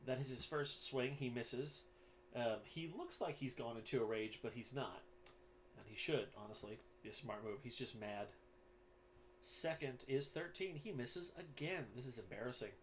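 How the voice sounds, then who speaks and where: A man runs a tabletop game as game master and narrates at a mid pitch. He talks casually, with fillers and the odd swear word. A faint hum sits in the background. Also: moderate pace.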